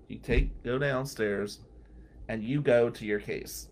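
A man's voice: medium pitch, slow pace, slight background noise. A man telling courthouse stories as a regular on a radio talk show, acting out the people he quotes. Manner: animated anecdotal storyteller, acts out quotes.

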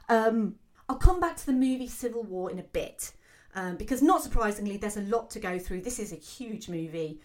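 A woman hosting a solo film commentary show, talking quickly and excitedly with frequent fillers. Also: mid-range voice. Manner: fast, excitable talker with many fillers. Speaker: film podcast host.

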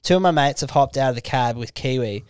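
A man's voice: mid-range voice, quick pace, a little mellow, smooth, no echo, studio quality. A young Australian man hosting a podcast, telling crude, laughing anecdotes in casual chat. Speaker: podcast host. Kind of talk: casual storytelling.

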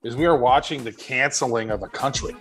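A man's voice: medium pitch, brisk, a bit bright, slight background noise, poor audio. Man ranting on a podcast. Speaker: podcast co-host. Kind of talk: casual podcast chat.

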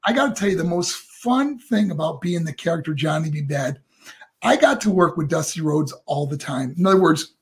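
An older man, a former wrestler, telling stories in a relaxed chat, animated and laughing as he acts out other people's voices. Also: on the high side, brisk, creaky. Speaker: guest, former pro wrestler. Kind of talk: casual storytelling.

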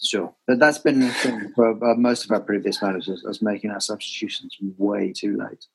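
Animated man hosting a podcast. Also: on the low side, normal speed, creaky, slightly rough. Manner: animated storyteller, shouts quoted fans. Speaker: podcast host. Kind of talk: casual podcast chat.

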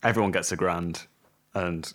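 A man's voice: deep voice, steady tone, moderate pace, fairly bright tone. A man co-hosting a music podcast in casual chat, easygoing and explaining things at length. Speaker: podcast co-host.

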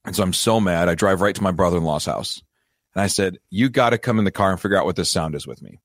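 A man hosting a financial advice show, telling a self-deprecating story in a lively, casual way. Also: sits low, fast, no echo, studio quality. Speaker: financial advisor and show host.

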